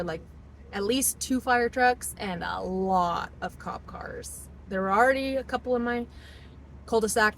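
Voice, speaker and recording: A woman's voice: medium pitch, slight background noise, low-quality recording. A woman telling a personal story in a rambling, emotional way, acting out what people said, recorded in a car. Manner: rambling, emotional, acts out quotes. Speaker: vlogger telling her story. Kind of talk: casual storytelling monologue.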